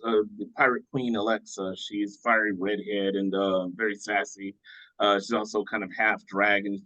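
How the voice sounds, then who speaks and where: A man's voice: lowish voice, a bit bright, dry recording, muffled recording. A man from the United States speaking as an author guest in a casual interview, hesitant and full of restarts. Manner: hesitant, many fillers and restarts.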